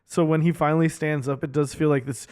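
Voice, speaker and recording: Rambling, smooth-voiced man. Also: a little high, steady tone, quick pace, a little mellow, no room sound, studio quality. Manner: rambling, many "like" fillers, jokey. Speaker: podcast co-host. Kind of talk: casual chat.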